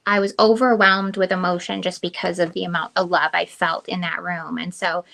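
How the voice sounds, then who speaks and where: A woman's voice: lowish voice, level tone, a little fast, vocal fry, a bit bright. A middle-aged woman co-hosting a podcast, telling a personal story candidly and emotionally with lots of fillers. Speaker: podcast co-host. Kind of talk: casual chat.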